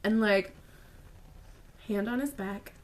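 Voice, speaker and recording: A woman vlogger telling a personal story to camera in a casual, animated way, full of "like" and quick asides. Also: mid-range voice. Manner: animated, filler-heavy retelling with lots of "like".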